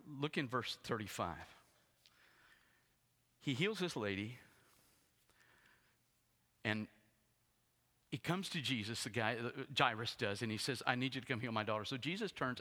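A man preaching a sermon as a pastor, retelling the story dramatically and swinging from hushed tones to loud ones. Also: lowish voice. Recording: long hall reverb.

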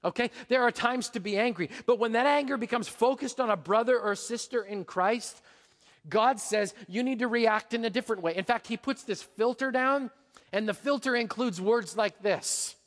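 High-voiced animated male preacher. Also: normal speed, in a large hall. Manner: animated, swings from hushed to shouting. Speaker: pastor. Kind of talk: sermon.

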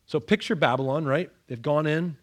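Husky dramatic preacher man. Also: on the high side, moderate pace. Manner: dramatic, acts out the scripture with sudden raised outbursts. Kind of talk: expository sermon.

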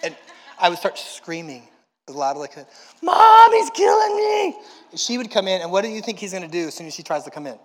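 A man preaching a sermon, telling stories in a lively way and acting out the voices of the people in them. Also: on the high side, fast, big-room sound. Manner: animated storytelling, acts out quotes. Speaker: pastor.

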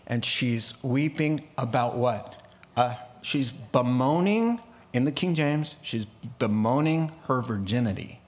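A man teaching a casual Bible sermon, acting out the characters in the story with lively asides. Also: medium pitch. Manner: animated, acts out biblical characters with quick asides and laughs. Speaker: preacher.

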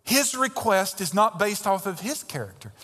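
A man's voice: high-pitched, very animated, moderate pace, pushed and bright, slightly rough. A man preaching a sermon as pastor, emphatic and conversational, with pointed rhetorical questions. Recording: long reverb of a large hall.

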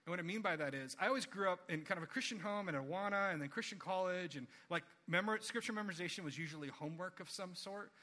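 A man's voice: quick pace, hardly any pauses. A man in his thirties preaching a sermon, earnest and conversational, acting out quoted voices with big jumps. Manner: animated storytelling, acts out quotes with big pitch jumps. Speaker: pastor.

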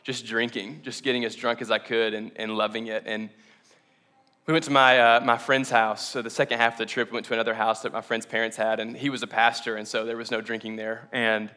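A young man preaches to his church, telling his own story in an earnest, halting way. His voice is bright and forward, and he sounds close to tears, pausing and restarting as emotion catches him. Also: mid-range voice, little pitch movement. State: choked up, near tears. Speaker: pastor. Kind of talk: sermon. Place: church hall with congregation.

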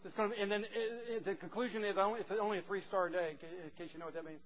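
A man preaching a sermon, emphatic and teasing, swinging from quiet asides to loud declarations. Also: high-pitched, steady tone, racing, hardly any pauses. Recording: dull lo-fi recording with faint noise.

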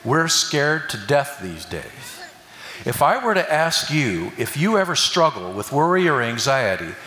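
A man's voice: fairly high pitch, pushed and bright. An older man giving a folksy sermon with jokes and call-and-response with the congregation. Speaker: preacher. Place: church hall. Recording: echoey hall from a distance.

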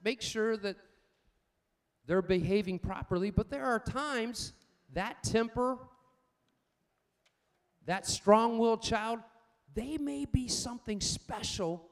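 An older man preaching a sermon, swinging between loud emphatic points and quiet personal stories, calling out for amens. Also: high-pitched, takes it slowly, pauses often. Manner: asks the congregation for amens. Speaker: pastor.

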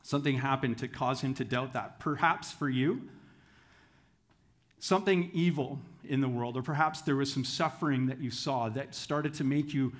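A man who is a campus pastor, preaching a sermon in a friendly, joking storyteller's manner. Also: mid-range voice.

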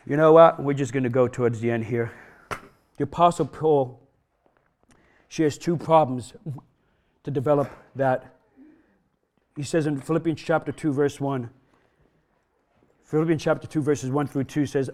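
A man's voice: medium pitch, steady tone, moderate pace, pauses often, a little mellow. A male pastor preaching a sermon in a casual, rambling way that builds into emphatic exhortation.

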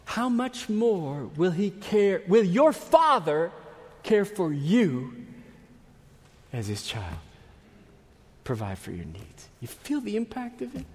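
A man preaching a sermon, earnest and emphatic, often dropping to a hush at the ends of phrases. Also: sits high, sing-song, slow pace, long pauses. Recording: long hall reverb.

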